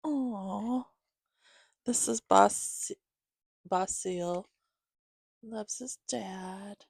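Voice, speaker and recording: A woman hosting her own channel, chatting casually with viewers as she shows gifts, giggling often and filling pauses with "um". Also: lowish voice, gravelly, dry recording. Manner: chatty, giggly, many fillers. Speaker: channel host reading to her cats. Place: home, reclining.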